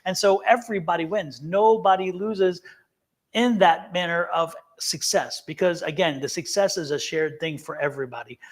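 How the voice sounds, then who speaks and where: A man's voice: high-pitched, moderate pace. A man co-hosting a live tarot stream, talking in an earnest, emphatic way and often repeating himself. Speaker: tarot reader, co-host. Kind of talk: casual live-stream chat.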